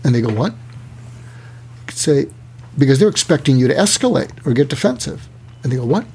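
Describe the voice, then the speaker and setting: Talking fast in a medium-pitched voice, with a little hiss or hum on the recording, a male author appears as an interview guest. He animatedly explains techniques in a conversational way and performs sample dialogue.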